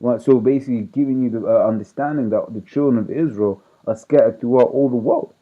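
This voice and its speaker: A man reads scripture and then unpacks it in a loose, rambling way, tagging nearly every point with "right?". His voice sits in an ordinary middle pitch. The audio is narrow and tinny, like a phone line. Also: a little fast. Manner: rambling, conversational, peppers speech with "right?". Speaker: street preacher. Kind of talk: casual scripture teaching.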